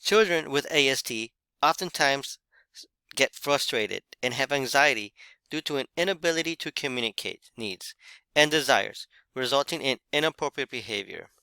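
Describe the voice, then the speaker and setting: Crisp, bright-voiced male presenter. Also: mid-range voice, animated, dry recording. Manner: measured, explanatory, occasional fillers. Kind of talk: recorded class presentation.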